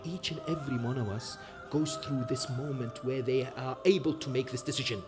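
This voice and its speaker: A man preaching, telling a story with lively asides and frequent rhetorical questions to his listeners. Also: medium pitch, fairly quick, soft background music. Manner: animated storytelling, voices quoted speakers, rhetorical "yes?" asides. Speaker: Islamic preacher. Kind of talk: sermon storytelling.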